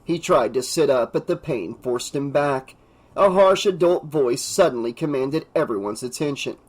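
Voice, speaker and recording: A man's voice: expressive, normal speed, rough recording. A man reading an unabridged horror novel aloud, narrating with dramatic expression and raising his voice for the characters. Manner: voices characters with raised pitch and louder shouts. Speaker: audiobook narrator.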